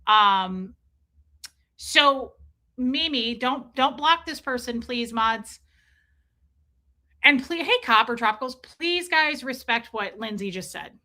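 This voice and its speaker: A middle-aged woman talks through a casual livestream in a bright, ringing voice. She repeats points for emphasis and keeps breaking off to greet viewers in chat. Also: on the high side, expressive, slow, long pauses. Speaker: livestream host reading chat.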